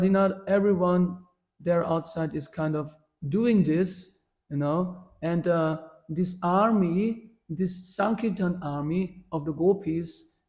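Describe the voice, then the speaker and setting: A man, telling a devotional story at a workshop with many fillers and restarts. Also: on the high side. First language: German. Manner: animated, with frequent fillers and restarts. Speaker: workshop speaker.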